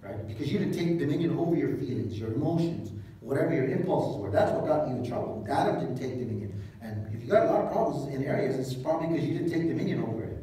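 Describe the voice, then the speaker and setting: Casual animated preacher man in echoey hall. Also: medium pitch, quick pace, few pauses, a little hiss or hum. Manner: casual, joking asides, animated retelling. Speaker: pastor. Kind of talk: sermon. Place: church hall. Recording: echoey hall, mic at a distance.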